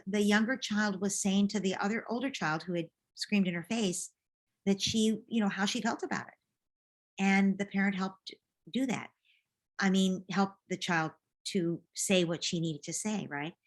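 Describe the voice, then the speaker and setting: A woman who is a parenting coach, giving gentle, reassuring advice in a live group question session over a video call. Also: medium pitch, normal speed.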